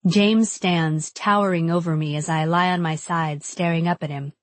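A woman's voice: on the low side, fairly even intonation, normal speed, no echo. A young adult woman giving intimate, reflective first-person audiobook narration.

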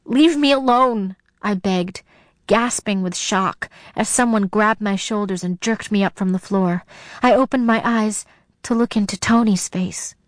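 A woman's voice: mid-range voice, steady tone, a little slow, dry recording. A woman narrating a suspense story in the first person, in a tense, dramatic storytelling manner.

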